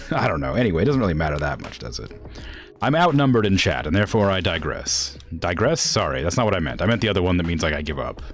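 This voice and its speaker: A man's voice: low-pitched, sing-song, fast talker, soft background music. A man with a northwestern US accent, chatting casually as a game streamer, rambling with many fillers and laughing asides. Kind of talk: casual stream chat while gaming.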